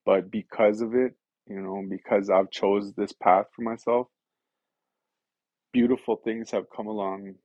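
A man's voice: fairly low pitch, level tone, a little slow, darkish tone, no echo. A man telling his recovery story as an interview guest, earnest and rambling, with lots of "you know" and "right". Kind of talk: candid personal storytelling. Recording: dull lo-fi dry recording.

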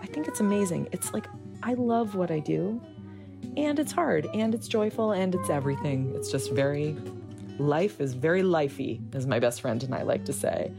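A woman's voice: deep voice, moderate pace, gravelly, over music. A woman who works as a hospital chaplain, recalling her experiences in a candid, rambling interview. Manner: animated, rambling storytelling with fillers.

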